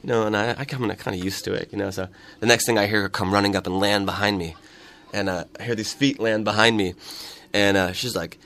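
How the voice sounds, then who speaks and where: A man's voice: lowish voice, steady tone, quick pace, sharp tone. Man with a cold, rambling storyteller. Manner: rambling storyteller, lots of fillers and laughs. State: has a cold, voice deeper and rough. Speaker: folk musician guest. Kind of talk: casual radio interview chat. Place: radio studio.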